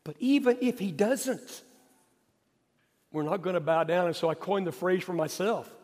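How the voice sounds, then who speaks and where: A male pastor preaching a sermon in an emphatic, repetitive way, rising to stress points and then dropping quiet. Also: sits high, normal speed, big-room sound.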